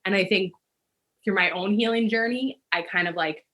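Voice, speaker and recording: A woman guest on a podcast, a yoga teacher, telling stories in an animated, rambling way full of fillers. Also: mid-range voice, normal speed. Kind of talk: casual interview conversation.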